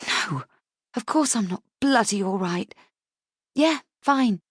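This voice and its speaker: A woman's voice: mid-range voice, animated, slow pace, breathy edge, no room sound, clean studio sound, pitched above the performer's own voice. A woman voicing a hurt young mother who speaks in a clipped, strained way.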